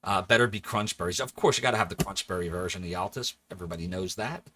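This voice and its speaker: A man's voice: on the low side, fast, hardly any pauses. A man in his forties from the Philadelphia area, chatting animatedly and laughing often while streaming a game. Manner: animated, chatty, laughs often, jumps between joking voices. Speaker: livestreamer. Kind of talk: casual let's-play chat.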